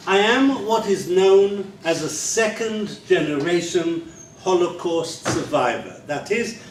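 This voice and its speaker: A man in his sixties with an unusual English accent gives a measured public lecture with a dry touch of humor. His voice sits a little high for a man. It is picked up from some distance in an echoey hall over faint room ambience. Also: slight background noise. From England. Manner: measured, wry storytelling. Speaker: guest lecturer.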